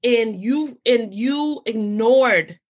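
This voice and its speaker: A young adult American woman hosting a podcast, talking casually and telling stories in an animated way. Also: fairly high pitch, very slow. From United States. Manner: animated storytelling, quotes relatives in lively voices. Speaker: podcast host. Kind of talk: casual conversation.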